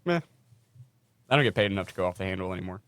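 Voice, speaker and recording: A young man co-hosting a podcast, telling work stories in a casual, animated way and swearing freely. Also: deep voice, very fast, smooth, no room sound. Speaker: podcast co-host. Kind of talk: casual storytelling chat.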